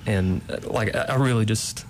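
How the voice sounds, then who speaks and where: A man's voice: on the low side, normal speed, slight background noise. A man in his late twenties from Kentucky, a playwright guest in a casual interview, talking hesitantly with many ums and restarts. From Kentucky, USA.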